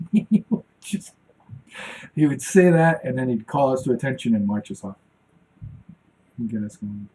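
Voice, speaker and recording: A man's voice: mid-range voice, lively intonation, unhurried, pauses often, dark tone, a little hiss or hum, low-quality recording. A man in his forties chatting casually on a live stream while he draws, rambling and talking to himself as he works. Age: 40s. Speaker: cartoonist streaming while drawing.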